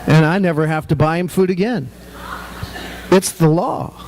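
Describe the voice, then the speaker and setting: A man's voice: fairly high pitch, moderate pace, a little mellow. A middle-aged man, a pastor, preaching a sermon in a humorous, conversational way.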